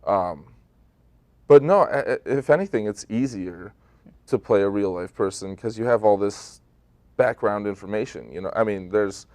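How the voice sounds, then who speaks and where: A man, a stage actor, talking about his role in a relaxed, thoughtful, conversational way during a studio TV interview. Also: fairly low pitch, moderate pace, no echo. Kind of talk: local TV interview.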